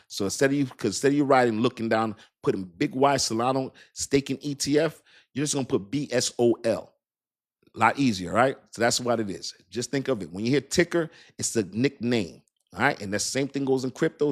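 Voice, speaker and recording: A man in his fifties hosting a crypto channel, explaining to viewers in a casual, repetitive way and often checking that they understand. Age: 50s. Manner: mimics doubters in a higher voice.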